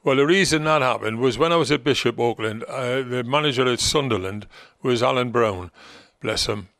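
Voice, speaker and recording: Reminiscing in an interview, an older man from Gateshead, North East England, who once managed football teams, spins chatty, teasing stories and imitates others when he quotes them. His medium-pitched voice is a bit bright and moves at a moderate pace, recorded cleanly in a studio without echo.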